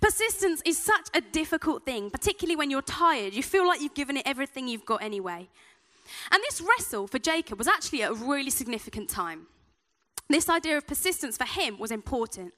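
A woman gives a sermon, mixing scripture with chatty, self-deprecating anecdotes. Her voice is high and bright, and her pitch swings in a lively way. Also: brisk. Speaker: preacher. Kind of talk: sermon with personal stories.

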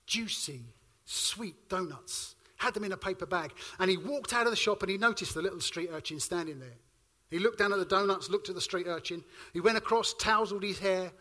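A man, preaching a sermon and telling stories with lively swings between loud and hushed delivery. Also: high-pitched.

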